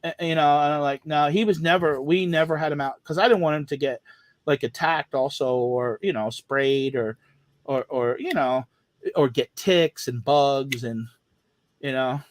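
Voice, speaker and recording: A man's voice: on the high side, normal speed, dry recording. Rambling man telling a pet story. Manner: rambling storytelling with many restarts. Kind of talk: casual chat.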